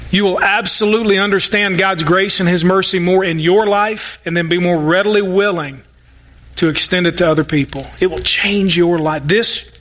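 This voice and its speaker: A man's voice: sits high, fairly bright tone. A male pastor preaching a sermon, folksy and emphatic, with joking asides and mock-sarcastic quotes.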